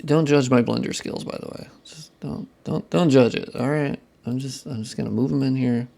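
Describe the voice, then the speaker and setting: A young man modding on a live stream chats casually as he works, muttering, cursing at his tools, and joking with viewers. His mid-range voice moves at a normal speed and sounds creaky and dark. His muttering to chat is profane and self-deprecating.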